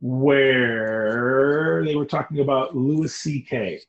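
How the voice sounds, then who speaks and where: Animated, rambling middle-aged man. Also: medium pitch, takes it slowly, highs cut off. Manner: animated, rambling, emphatic storyteller. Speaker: interview guest, designer. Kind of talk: casual interview talk.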